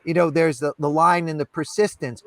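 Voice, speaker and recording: A man's voice: a little high, steady tone, fairly quick, a bit bright, dry recording. A man talking as a podcast guest, telling candid stories with emphasis, repeating phrases and filling with "you know" and "right". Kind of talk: candid conversational storytelling.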